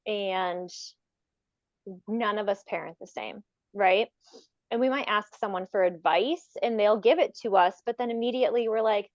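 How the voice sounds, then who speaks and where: A woman's voice: medium pitch, no echo. Woman co-host, reflective explainer, dry, slightly muffled audio. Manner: reflective, explanatory, trails off with fillers. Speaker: podcast co-host. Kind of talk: casual spiritual chat.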